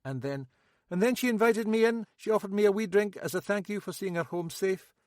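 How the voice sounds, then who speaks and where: A man voicing an odd, blunt Scottish man with a sharp memory, talking raised and insistent as he rattles off details. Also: high-pitched, a little fast, no room sound, clean studio sound, pitched above the performer's own voice, lightly acted.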